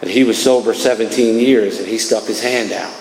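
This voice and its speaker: A man's voice: fairly low pitch, steady tone, a little fast, a little mellow, a little hiss or hum. A man from New Jersey speaking as an AA speaker at a recovery meeting in a church hall, telling his story in a casual, streetwise way that keeps coming back to "man". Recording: echoey church hall with long reverb.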